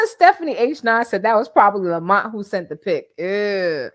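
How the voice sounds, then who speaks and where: A woman's voice: medium pitch, animated, normal speed, dry recording. An older woman hosting a casual livestream, chatting and gossiping with frequent laughs. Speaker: YouTube host.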